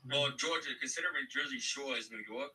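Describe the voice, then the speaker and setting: Bright-voiced Boston man, off-mic. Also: medium pitch, fairly quick, far from the mic, low-quality recording. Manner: playful, begging viewers for likes. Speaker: podcast co-host. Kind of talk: casual live podcast banter.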